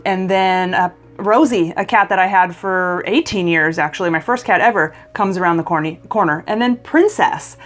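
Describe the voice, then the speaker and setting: A woman vlogger telling a personal story in a casual, emotional way, often stumbling and restarting mid-sentence. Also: mid-range voice.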